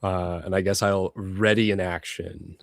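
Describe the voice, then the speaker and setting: A man playing a tabletop game, talking through his moves in a deliberate, rules-focused way. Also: low voice, flat delivery, vocal fry, dry recording. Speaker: player.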